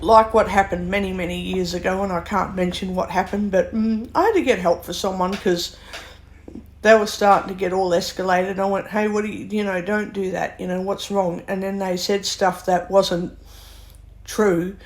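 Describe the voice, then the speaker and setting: A woman delivering a slow, emphatic rant, acting out quotes as she goes. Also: medium pitch, steady tone, slight background noise. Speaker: vlogger. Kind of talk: ranting monologue.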